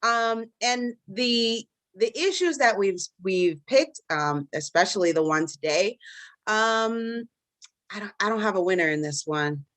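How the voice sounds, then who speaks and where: A woman's voice: medium pitch, lively intonation, unhurried, a bit bright, no echo. A woman hosting and moderating a live podcast debate, talking casually with many fillers and restarts and poking fun at herself. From Caribbean diaspora in the US. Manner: chatty, many fillers and restarts, self-deprecating.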